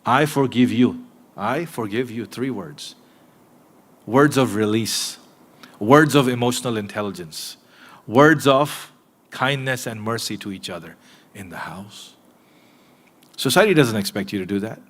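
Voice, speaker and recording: A man preaching a sermon in a mosque, earnest and direct with his listeners, moving between emphatic points and hushed asides. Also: fairly low pitch, lively intonation, measured pace, long pauses. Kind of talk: sermon to a live congregation.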